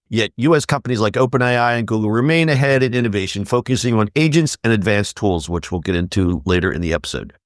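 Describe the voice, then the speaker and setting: A man hosting a podcast, chatting casually and reading news items with lively emphasis. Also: mid-range voice, dry recording, clean studio sound. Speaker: podcast host.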